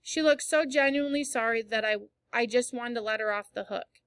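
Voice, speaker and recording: Bright-voiced woman reading a novel aloud. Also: on the high side, brisk, clean tone, no room sound. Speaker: audiobook reader. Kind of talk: first-person novel narration.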